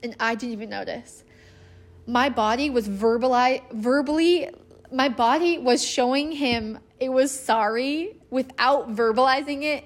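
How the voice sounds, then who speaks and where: A woman in her thirties with a slightly high voice tells a personal story in a casual, earnest way. She is animated and acts out the lines she quotes. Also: a little slow.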